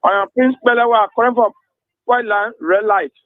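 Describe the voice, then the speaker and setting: A man's voice: high-pitched, fairly even intonation, moderate pace, no room sound. A man calling in to a radio show, fervently grateful and praising God over a tinny phone line. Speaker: radio caller.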